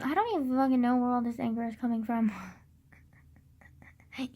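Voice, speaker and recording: A woman's voice: a little high, brisk, mellow. A young woman in her teens venting to camera in a casual vlog, exasperated, swearing heavily, with frequent sighs and muttered asides. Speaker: vlogger.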